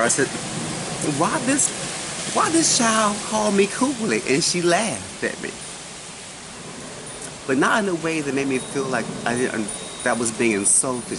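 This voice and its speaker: A man in his forties telling a personal story in casual chat, animated and often asking his listener questions. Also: medium pitch. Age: 40s. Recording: noisy recording.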